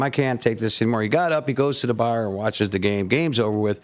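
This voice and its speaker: A man's voice: mid-range voice, fast. A man co-hosting a morning radio show, talking into a studio microphone. He rambles through long stories and jokes, acting out the voices and laughing easily. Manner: rambling storyteller, laughs often, acts out voices. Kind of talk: casual on-air banter and joke telling.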